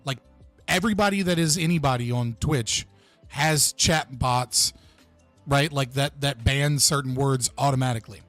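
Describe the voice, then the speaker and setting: A man's voice: medium pitch, moderate pace, a bit bright, dry recording, faint music behind. A young man hosting a livestream, chatting casually and profanely with his viewers. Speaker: livestream host.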